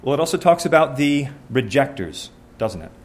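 A man's voice: mid-range voice, sing-song, normal speed. A man preaching a sermon, reading scripture aloud and asking his listeners questions in an earnest, conversational way.

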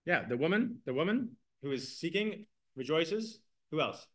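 A man's voice: on the high side, sing-song, normal speed, a bit bright. A man teaching an evening Bible class, reading scripture and explaining it earnestly, asking his class questions.

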